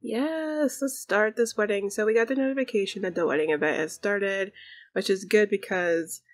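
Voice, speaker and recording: Woman, chatty, giggly, casual game narration, middle pitch. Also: normal speed. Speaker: gaming YouTuber.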